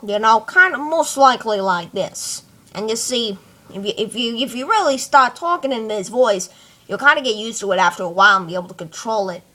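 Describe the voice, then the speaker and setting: A woman's voice: fairly high pitch, lively intonation, brisk, sharp tone. A woman voicing a bossy male cartoon weasel gang leader in a put-on New York accent.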